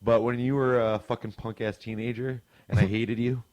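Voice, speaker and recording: A man's voice: medium pitch, steady tone, moderate pace, a little mellow, no room sound. A man co-hosting a podcast in casual chat, teasing his co-host and swearing freely.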